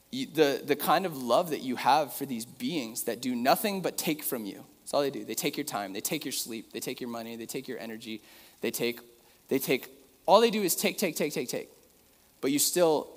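A man's voice: medium pitch, moderate pace. Man, young adult, preacher, casual sermon, reads scripture with emphasis, reverberant hall.

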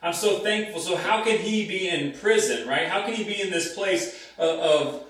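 A man in his thirties preaches in a relaxed, conversational way, repeating his key phrases to drive them home. His voice sits a little high for a man. It rings around a very echoey church hall, picked up from some distance away. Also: normal speed. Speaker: pastor. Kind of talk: sermon. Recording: very echoey room, mic at a distance.

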